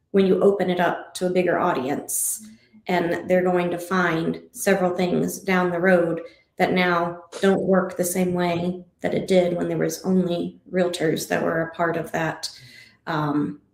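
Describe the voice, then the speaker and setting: A woman with a low, gravelly voice talks thoughtfully in casual livestream chat. Her delivery stays flat and even, and the sound echoes around the room. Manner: thoughtful, asks open questions.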